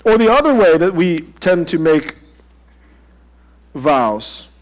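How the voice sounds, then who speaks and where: A man preaching a sermon in a church, his voice sitting a little high. He talks in a relaxed, conversational way and puts questions straight to the congregation. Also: slow pace. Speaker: pastor.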